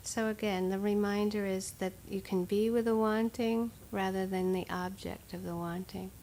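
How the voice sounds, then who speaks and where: A woman's voice: medium pitch, steady tone, moderate pace, a little hiss or hum. Woman teaching meditation, conversational. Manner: conversational, with frequent fillers and soft laughs. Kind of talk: dharma talk.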